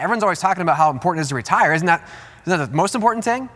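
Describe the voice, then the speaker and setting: A man preaching a sermon as pastor, emphatic and animated, repeating key words and jumping up in pitch to stress them. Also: rapid-fire. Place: large church auditorium. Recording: long hall reverb with faint music.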